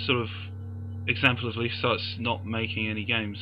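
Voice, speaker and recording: A man co-hosting a casual podcast, speaking haltingly with wry humour. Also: mid-range voice, little pitch movement, highs cut off, slight background noise. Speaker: podcast co-host. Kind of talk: casual chat.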